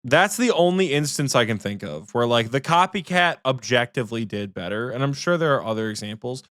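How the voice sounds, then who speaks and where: A young man co-hosting a gaming podcast, his pitch leaping up and down as he tells stories. He swears freely and bursts into quick impressions of his friend. The studio sound is dry and close. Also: no room sound. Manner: animated storytelling, swearing, mimics friends in quotes. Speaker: podcast co-host. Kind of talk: casual gaming chat.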